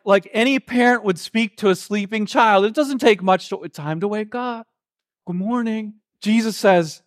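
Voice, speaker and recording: A pastor with a high, light male voice preaches a sermon. He tells the story earnestly, stumbling and restarting often, and slows down and softens when he quotes.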